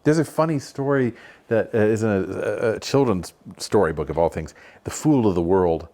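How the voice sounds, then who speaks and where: A man as a podcast guest in casual conversation, an animated storyteller who laughs often. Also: on the low side, moderate pace.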